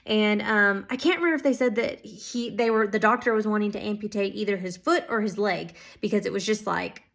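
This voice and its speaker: A woman telling stories of answered prayer to her viewers, casual and excited, with lots of "um"s and "like"s. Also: medium pitch, a little fast, creaky. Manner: excited, filler-heavy, many "like"s and "um"s. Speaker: ministry school student. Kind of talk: casual testimony storytelling.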